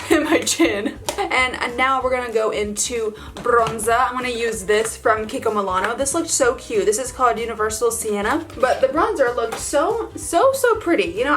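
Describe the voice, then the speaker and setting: A somewhat high-voiced woman talks her way through a makeup tutorial in a chatty, gushing vlog manner. She strings her thoughts together with "like" and breaks into small laughs. Faint music plays underneath. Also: a bit bright. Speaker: beauty vlogger. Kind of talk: casual makeup tutorial chat.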